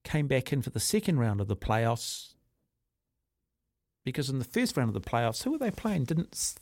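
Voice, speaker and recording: Kiwi bloke hosting sports radio, rambly chatty stories, mid voice, dry studio sound. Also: male voice, mid-range voice, moderate pace, no echo. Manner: rambling, animated storyteller. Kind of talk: casual radio chat.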